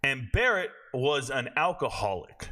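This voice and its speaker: A man's voice: mid-range voice, very animated, a little slow, pushed and bright. A man around forty hosting a sports show, talking in a blunt, profane way and drifting off into long tangents in a casual rant. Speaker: sports commentator and show host.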